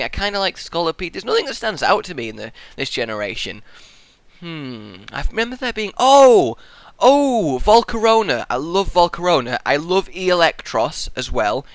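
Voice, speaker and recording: A young man hosting a viewer question show in casual chat, rambling and goofy with sudden loud outbursts, sleep-deprived and muddled. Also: medium pitch, clear, resonant tone, no echo. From England. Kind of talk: casual audio-only chat. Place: hot room at home.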